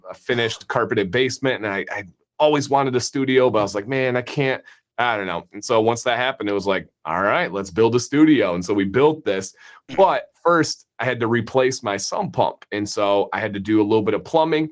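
A man's voice: on the low side, fairly quick. A man from Michigan telling stories as a guest in a casual podcast chat. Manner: storytelling, animated and chatty.

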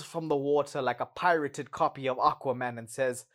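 A man's voice: mid-range voice, fairly quick, few pauses. A man hosting a podcast, recapping a movie in a casual, sarcastic way with exasperated asides.

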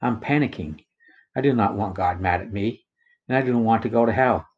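A man narrates a personal account in the first person, his delivery steady and solemn. His voice sits on the lower side for a man. He reads with deliberate, unhurried care. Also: slightly rough, phone-quality sound. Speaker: narrator of his own story.

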